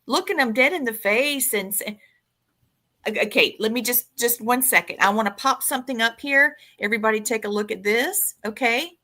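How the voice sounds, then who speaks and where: A woman with a Southern accent hosting a casual true-crime chat, giving blunt, animated commentary. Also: on the high side, moderate pace.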